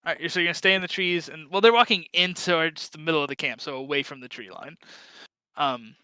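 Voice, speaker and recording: A man narrating as game master of a tabletop game, halting with many fillers. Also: a little high, bright, forceful tone, clean tone, dry recording, rough recording.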